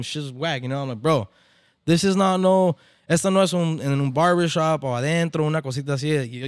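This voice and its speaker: A man who organizes barber events tells a story in casual, profane slang, now and then slipping into Spanish. His voice is on the high side, captured on a podcast microphone with studio quality and no echo.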